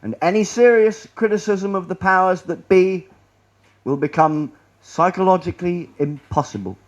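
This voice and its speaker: A man's voice: high-pitched, normal speed, dull audio. A man giving a rambling, sarcastic presentation to an audience in a lecture room, often restarting his sentences. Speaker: public speaker.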